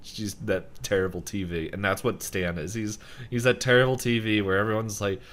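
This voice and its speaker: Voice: sits low, steady tone, moderate pace, fairly bright tone. A podcast co-host rambling casually through a story, filling it with "like" and laughing often. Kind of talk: casual chat.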